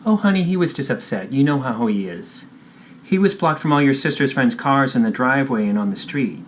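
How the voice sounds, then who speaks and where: A man voicing a breezy middle-aged mother in a therapy role-play, chirpy and quick to wave away concerns. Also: mid-range voice, expressive, slight background noise, natural voice.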